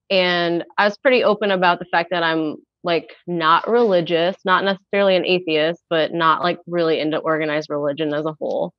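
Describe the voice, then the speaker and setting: A woman's voice: lowish voice, brisk, few pauses, no echo, lo-fi sound. A woman calling in for dating advice, telling her story casually and acting out her own past remarks. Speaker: caller seeking dating advice. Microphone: phone call.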